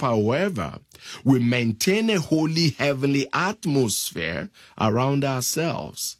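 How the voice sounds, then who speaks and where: A man preaching a sermon, reading scripture aloud in a slow, deliberate way. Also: mid-range voice, breathy edge, no room sound, studio quality.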